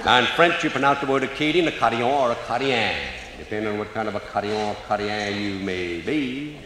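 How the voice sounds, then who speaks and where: A man's voice: lowish voice, expressive, fast. An older man with a Cajun accent, telling folksy stories on stage in a drawling dialect with broken grammar. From Louisiana. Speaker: storyteller. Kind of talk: live comedy storytelling. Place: stage before a live audience. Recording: roomy hall, faint audience ambience.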